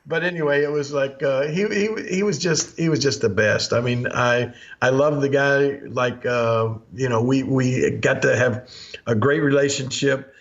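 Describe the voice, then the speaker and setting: A man's voice: medium pitch, unhurried. Chuckling Southern storyteller in his sixties. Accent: Southern American. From Memphis, USA. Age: 60s. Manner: chuckles often, animated, acts out quotes. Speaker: podcast host. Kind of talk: anecdotal storytelling. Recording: dull lo-fi podcast audio.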